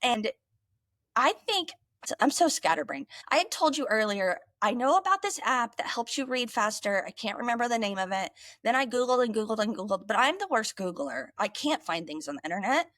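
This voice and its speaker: A woman's voice: fairly high pitch, lively intonation, a little fast, fairly bright tone, no echo. A woman co-hosting a podcast in casual, emotional chat. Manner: emotional, tearful at times, chatty. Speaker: podcast co-host.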